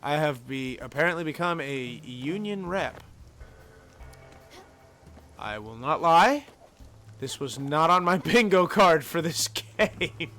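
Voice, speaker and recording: Bright-voiced male game streamer. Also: a little high, lively intonation, slow pace, long pauses, faint music behind. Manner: chatty, self-mocking asides to chat. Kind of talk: live gameplay commentary.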